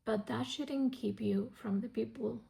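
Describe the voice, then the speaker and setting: A woman reading aloud a tender, steady male romance hero's lines in a soft, low voice that drops partly into a whisper. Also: unhurried, vocal fry. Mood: gentle.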